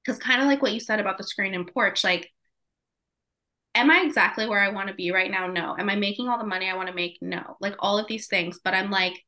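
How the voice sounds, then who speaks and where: Woman podcast host, casual and chatty, bright and forceful tone. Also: medium pitch, a little fast. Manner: chatty, peppered with "like" and laughs.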